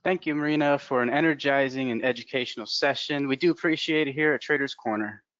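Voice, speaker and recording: A man's voice: medium pitch, fast talker, a bit bright, no echo. Man, event host, enthusiastic introductions, dry dull call sound. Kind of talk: hosting an online event.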